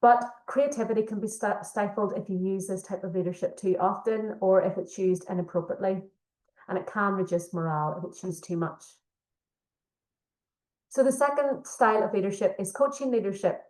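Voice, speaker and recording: A woman's voice: medium pitch, a little mellow. A woman facilitating a leadership training session, explaining steadily with frequent fillers. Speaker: workshop facilitator. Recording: echoey room.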